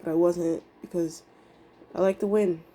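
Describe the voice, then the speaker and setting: A woman's voice: on the low side, fairly even intonation, moderate pace, dark tone. A young woman vlogging about her trading day, emotional and rambling, swearing casually as she talks. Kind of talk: candid emotional vlog monologue.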